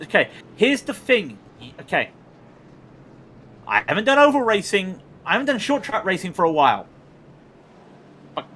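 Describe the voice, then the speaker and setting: A man calls a sim race live, getting worked up and ranting about the driving. His voice sits high and swings a lot. It has a bright, forceful edge. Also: normal speed, pauses often, breathy edge. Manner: excitable, ranting. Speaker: sim racing commentator.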